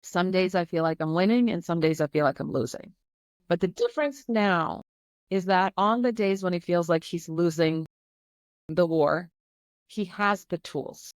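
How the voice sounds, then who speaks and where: Earnest woman with a lowish dry voice. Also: moderate pace, no echo. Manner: earnest and emphatic, speaks from experience. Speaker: podcast guest. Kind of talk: candid conversational interview.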